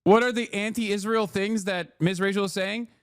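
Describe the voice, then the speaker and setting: A man hosting a stream, giving casual, sarcastic, animated commentary with some cursing. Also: high voice, normal speed, smooth, no room sound, studio quality. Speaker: streamer host.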